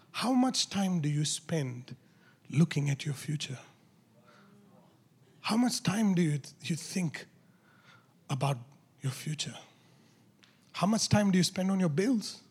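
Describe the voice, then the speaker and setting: A man preaching a sermon as pastor, moving from quiet coaxing to loud, shouted exhortation. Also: fairly high pitch, slightly rough.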